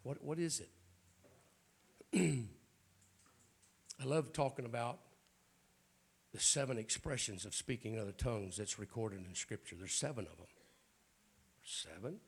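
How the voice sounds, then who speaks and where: A middle-aged man preaching an informal Pentecostal sermon in a church, hoarse and raspy, often clearing his throat, with folksy jokes to the congregation. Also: medium pitch, measured pace, long pauses. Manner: folksy, joking asides to the congregation.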